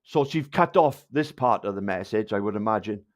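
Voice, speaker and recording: A man's voice: lowish voice, expressive, normal speed. A man with a South Wales Valleys accent ranting angrily at viewers on a livestream, swearing and hurling insults. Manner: angry, insulting, heavy swearing.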